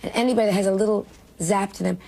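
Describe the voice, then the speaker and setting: A woman's voice: medium pitch, fairly even intonation, very fast, vocal fry, dark tone. An older woman with a New York accent, a comedian telling brash, self-mocking stories in an interview. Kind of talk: candid interview storytelling.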